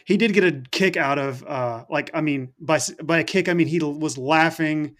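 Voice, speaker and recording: A man from Alabama with a drawl chats on a casual podcast. His voice sits slightly high. He stammers and restarts as he tells a story. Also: normal speed, a bit bright. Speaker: podcast co-host.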